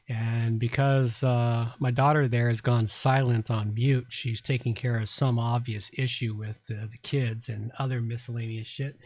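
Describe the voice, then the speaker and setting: A man's voice: medium pitch, a little mellow, no room sound. Tipsy man with a faint Southern drawl. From Southern United States. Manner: jovial, rambling, joking. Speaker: stream host. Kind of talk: casual chat.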